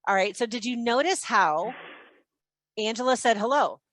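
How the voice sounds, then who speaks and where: A woman leading a live online sales training session, in an energetic and chatty teaching manner over a video call. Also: fairly high pitch, normal speed, no echo.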